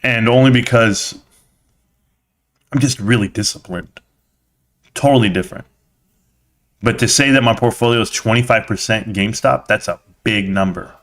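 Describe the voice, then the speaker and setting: A man's voice: lowish voice, moderate pace, pauses often, a bit bright. A man hosting a casual live stream, chatting with viewers as a slangy, blunt storyteller.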